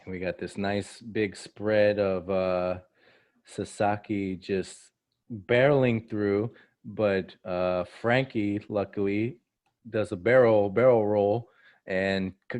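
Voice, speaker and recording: Low-pitched relaxed man. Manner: relaxed, halting with repeats. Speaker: manga reviewer. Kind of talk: casual chat.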